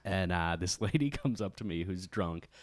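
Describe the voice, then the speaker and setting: A man's voice: low voice, lively intonation, normal speed, no room sound. A man hosting a comedy podcast, telling a story casually and laughing as he goes. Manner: laughs through his story, acts out quotes. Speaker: podcast host.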